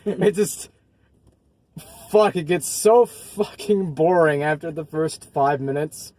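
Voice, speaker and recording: A man's voice: a little high, takes it slowly, a little mellow, no echo. A man casually chatting about bad movies, rambling and swearing often, with frequent laughs. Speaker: co-host. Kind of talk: casual movie review chat.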